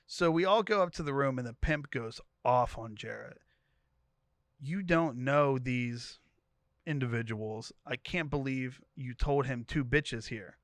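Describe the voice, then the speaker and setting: A man's voice: mid-range voice, a little slow, no room sound, studio quality. A man co-hosting a podcast, reading a profane story thread aloud and quoting each character in turn. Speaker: podcast co-host.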